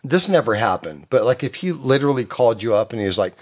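A man's voice: mid-range voice, lively intonation, quick pace, hardly any pauses. A man in his fifties from California, telling a long casual anecdote, swearing heavily, rambling, and laughing often. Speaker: storyteller guest.

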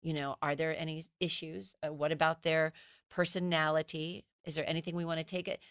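A woman who teaches children's ministry, explaining child development as a guest in a podcast interview, animated and acting out how children talk. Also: low-pitched, fairly quick, smooth, no echo, studio quality. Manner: animated, acts out children's voices.

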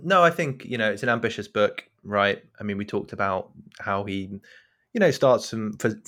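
Co-host, man, South African accent, self-mocking and chatty, lowish voice. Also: fairly bright tone. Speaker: podcast co-host. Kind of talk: casual discussion.

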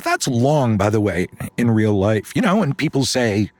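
A man telling an improvised comic bedtime story on a podcast, slipping into quick character voices. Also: medium pitch, no echo. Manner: animated storytelling with sudden put-on voices.

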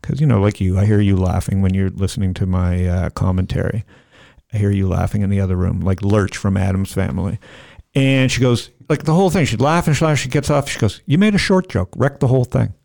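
Rambling joking podcast host, gravelly voice. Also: male voice, low voice, fairly even intonation, fairly quick, warm tone. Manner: rambling, self-mocking, jumps off topic. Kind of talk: casual joking chat.

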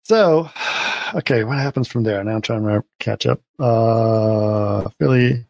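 A man's voice: on the low side, takes it slowly, gravelly, a little mellow, no room sound. A man hosting a casual watch-party podcast, retelling a show's plot in a rambling way with many restarts. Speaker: podcast host.

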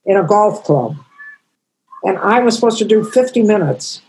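Older woman in her 80s; husky, halting, emotional; interview guest. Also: mid-range voice, expressive, darkish tone, poor audio. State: crying. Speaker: comedian guest. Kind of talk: storytelling interview answers.

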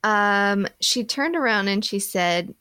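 A woman's voice: mid-range voice, animated, takes it slowly, pushed and bright, clear, resonant tone, dry recording, studio quality. A woman co-hosting a casual comedy podcast, reading listener stories aloud with a playful, giggly, self-mocking manner. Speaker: podcast co-host.

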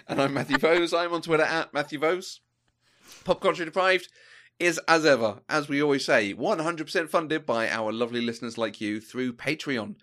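A man co-hosting a casual podcast, chatty and quick to laugh, often breaking off and restarting his sentences. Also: fairly high pitch, a bit bright. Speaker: podcast co-host.

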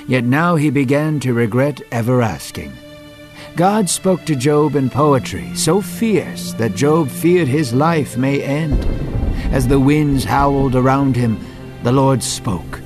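A man narrating a Bible story in earnest, dramatic scripted prose, his voice set at a middle pitch. Soft music plays faintly behind him. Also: animated, takes it slowly.

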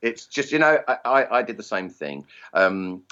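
A low-voiced man talking casually about his hobby. His pitch swings widely as he tells stories, and the audio comes through a little dull and muffled. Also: moderate pace. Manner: chatty, storytelling, animated voices for anecdotes. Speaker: guest, airgun competition organiser. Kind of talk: casual podcast chat.

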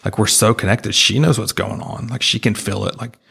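A man earnestly retelling a personal experience as an interview guest, halting and full of restarts. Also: fairly low pitch, fairly even intonation, creaky, pushed and bright, breathy edge.

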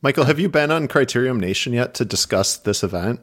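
A man on a podcast telling stories with energy, acting out other people's lines as he goes. His voice sits at a medium pitch in a casual, conversational delivery. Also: a little fast. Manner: animated storyteller, acts out quotes. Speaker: podcast co-host.

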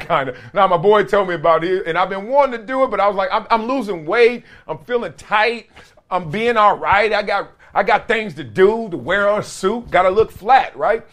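A man's voice: fairly high pitch, fairly bright tone. A young adult man hosting a podcast in casual, slangy sports talk, laughing between jokes. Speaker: podcast host.

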